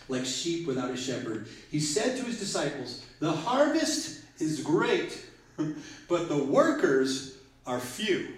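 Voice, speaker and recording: A man preaching a sermon as pastor, moving between loud exclamations and quiet asides. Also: a little high, slight background noise. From Detroit. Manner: animated, swings from loud exclamations to soft asides. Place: church sanctuary. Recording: echoey room.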